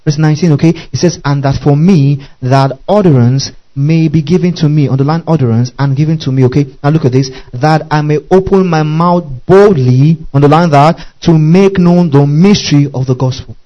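A man's voice: on the high side, moderate pace, few pauses, mellow, muffled recording. A man preaching a sermon, emphatic, often asking his listeners questions and stopping to spell out Greek words.

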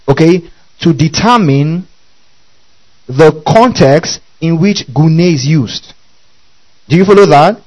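A man's voice: fairly high pitch, a little mellow, rough recording. A man preaching a Bible-teaching sermon, often asking the congregation whether they follow. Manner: keeps checking the audience follows, repeating questions.

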